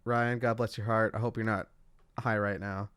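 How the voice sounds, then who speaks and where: A man's voice: fairly low pitch, level tone, normal speed, a bit bright, clear, resonant tone. A young man co-hosting a casual podcast, rambling with lots of fillers and laughing easily. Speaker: podcast co-host.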